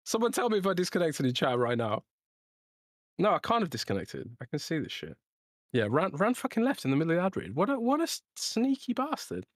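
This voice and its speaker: This is a man co-hosting a casual gaming podcast, with a very lively, up-and-down delivery. He jokes around and swears freely, even in the middle of a sponsor read. The sound is dry and close, with no room around it. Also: on the high side, fast talker, no echo. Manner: joking, swears freely, laughs a lot. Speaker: podcast co-host.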